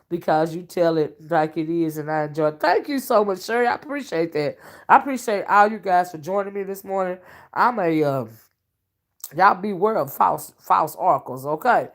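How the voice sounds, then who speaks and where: A woman with a lowish, expressive voice talks at a moderate pace on a casual home livestream while cooking dinner. Billing herself as an oracle, she reads comments, thanks viewers by name and addresses everyone as honey and child.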